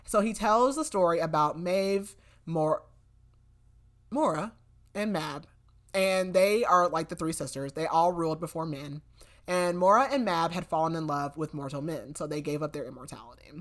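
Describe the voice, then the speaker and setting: A woman's voice: sits low, normal speed. A young woman on a podcast, casually recapping a novel's plot in a rambling way with lots of fillers and quoted dialogue. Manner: chatty, filler-heavy retelling with quoted lines. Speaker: podcast co-host. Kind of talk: casual book recap chat.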